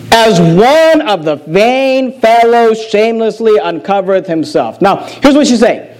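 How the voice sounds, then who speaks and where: A man's voice: high-pitched, a little mellow, poor audio. A man preaching a sermon as pastor, reading scripture aloud and asking the congregation questions, with earnest repetition. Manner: earnest, repeats phrases, asks the congregation questions.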